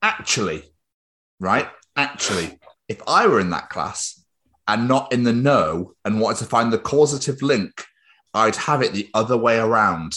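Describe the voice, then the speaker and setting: A British man with a low voice trades sweary, jokey banter as a podcast host. His delivery is loose and casual. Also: lively intonation, unhurried, pushed and bright. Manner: sweary, jokey, laughs often.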